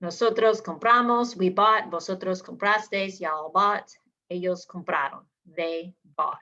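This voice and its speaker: A woman teaching a Spanish lesson, drilling verb endings slowly and clearly for learners to repeat. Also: fairly low pitch, bright, forceful tone. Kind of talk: language lesson. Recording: slightly dull lo-fi sound.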